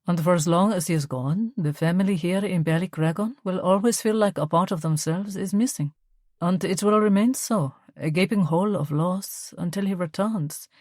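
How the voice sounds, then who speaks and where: A woman's voice: on the low side, normal speed, darkish tone, no room sound, clean studio sound, natural voice. A woman voicing a grateful woman who talks earnestly and tenderly about her family.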